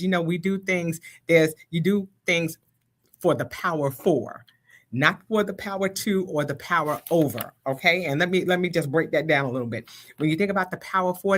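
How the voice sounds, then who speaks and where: Reflective woman using everyday analogies. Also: deep voice. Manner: reflective, uses analogies, frequent "you know" fillers. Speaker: guest on a live show. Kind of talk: casual conversational interview.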